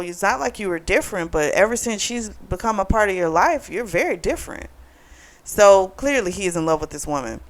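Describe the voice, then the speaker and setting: A woman's voice: lowish voice, smooth. A woman casually retelling a book's plot for a review, acting out the characters' lines in quotes as she goes. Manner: chatty storytelling, retells dialogue in quotes. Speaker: book club vlogger. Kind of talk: casual book review recap.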